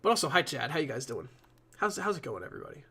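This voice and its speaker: A man streaming live, talking to his chat in a loose, rambling way with casual swearing. His voice sits a little high for a man and sounds bright and forceful. He drifts between explaining his build and chatting with viewers. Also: big pitch swings, racing, creaky, breathy edge. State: yawning a lot.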